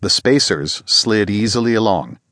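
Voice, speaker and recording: In scripted audiobook narration, a man reads steadily and with measure. His voice is fairly low, and the recording is studio quality with no echo.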